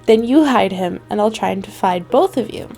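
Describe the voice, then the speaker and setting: A woman's voice: medium pitch, animated, normal speed, gravelly, darkish tone, soft background music. A woman voicing a bossy young brother in a game, boastful and teasing.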